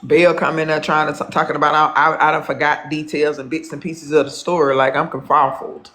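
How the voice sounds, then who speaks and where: Brief: male live streamer with a somewhat high voice, gossipy and foul-mouthed, loops back over his own sentences. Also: level tone, a little fast, bright, forceful tone. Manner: rambling, profane, repeats himself; gossipy, calls viewers honey. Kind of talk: casual live-stream chat.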